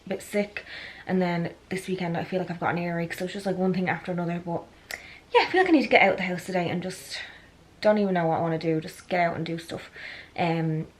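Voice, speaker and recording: A woman's voice: lowish voice, steady tone, fast, low-quality recording. A young woman with an Irish accent, chatting through a day-in-the-life vlog, rambling and correcting herself with lots of ums. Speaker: vlogger.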